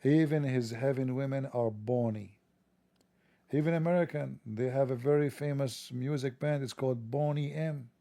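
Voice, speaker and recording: A man's voice: mid-range voice, normal speed, vocal fry, warm tone, no room sound. A man delivering a sarcastic, mocking satirical monologue.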